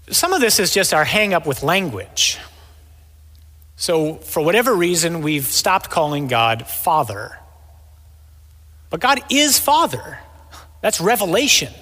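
A man's voice: on the high side, pushed and bright, slightly rough. A man giving a sermon, asking questions and answering them himself with emphasis. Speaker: preacher. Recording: long reverb in a large hall.

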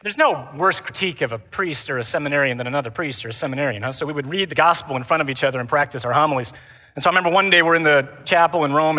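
Priest preaching, bright voice, long hall echo, jokey and theatrical. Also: male voice, fairly high pitch. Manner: animated, theatrical, mimics stuffy readings for laughs. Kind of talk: sermon at a men's conference. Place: large conference hall. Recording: live hall reverb.

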